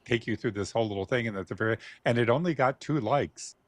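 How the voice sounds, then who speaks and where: A man joining a casual podcast chat, calm and matter-of-fact. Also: mid-range voice, quick pace, dry recording.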